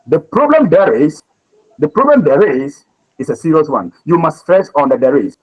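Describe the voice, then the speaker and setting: Animated man lecturing a class. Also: on the high side, normal speed, breathy edge, poor audio. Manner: repeats words, animated questioning of class. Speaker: teacher.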